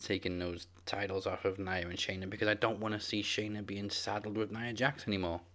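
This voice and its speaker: A man's voice: fairly low pitch, little pitch movement, brisk, fairly bright tone. A man co-hosting a casual wrestling podcast, dry and blunt. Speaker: podcast co-host.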